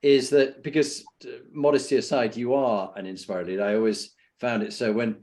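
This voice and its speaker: A man's voice: medium pitch, steady tone, moderate pace, darkish tone. A middle-aged man from the United Kingdom hosting a podcast, asking long, rambling, supportive questions full of fillers. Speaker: podcast host. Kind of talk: interview conversation.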